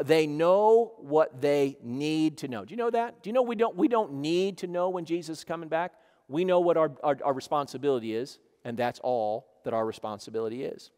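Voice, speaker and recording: High-voiced preaching man in a reverberant church. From Ohio. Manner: emphatic preaching, repeating "listen", rising and dropping volume. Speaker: pastor. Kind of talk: sermon. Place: church sanctuary.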